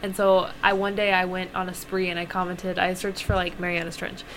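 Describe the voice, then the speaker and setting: A woman's voice: on the low side, completely flat delivery, a little fast, fairly bright tone, a little hiss or hum. A young woman co-hosting a podcast, chatting casually and bluntly, with frequent swearing. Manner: blunt, swears, easily annoyed. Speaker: podcast co-host. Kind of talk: casual chat.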